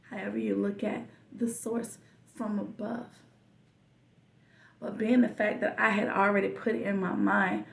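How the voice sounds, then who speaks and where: A woman hosting a podcast, telling a personal story in a slow, reflective way with soft whispered asides. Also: mid-range voice, level tone, vocal fry, distant mic. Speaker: podcast host. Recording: echoey room, voice a bit off-mic.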